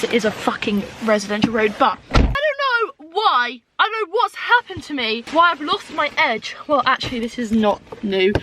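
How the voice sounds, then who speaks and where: A young British woman with a high voice chats rambling and self-deprecating to her phone camera. She swears freely while sitting in her car. Road noise hums clearly underneath. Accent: British English. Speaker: vlogger. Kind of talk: casual chat to camera.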